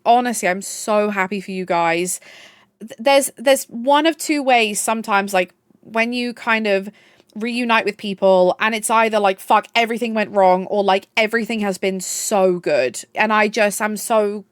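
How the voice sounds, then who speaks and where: A woman's voice: mid-range voice, clear, resonant tone, dry recording, studio quality. A young woman streaming live, chatting casually and gushing at her chat. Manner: gushing, chatty, swears, reads chat aloud.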